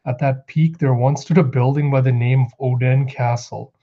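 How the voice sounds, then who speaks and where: A man's voice: medium pitch, steady tone, normal speed, dark tone, muffled recording, lightly acted. A man reading out the lines of a kind but stern woman innkeeper in a firm, insistent way, only slightly raising his voice. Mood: explaining.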